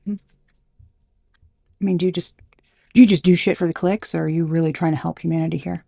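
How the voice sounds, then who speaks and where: A low, gravelly woman's voice with a husky edge, fired up and swearing freely as she gives a casual tarot reading. She is blunt, trails off and restarts often, and is recorded close and dry with no room sound. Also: steady tone, fairly quick, long pauses, mellow, no echo. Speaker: intuitive tarot reader.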